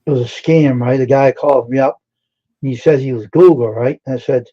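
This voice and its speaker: A man's voice: medium pitch, a little fast, mellow, lo-fi sound. A man chatting casually on a live stream, retelling a story with lots of repetition. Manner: repetitive, plain-spoken storyteller.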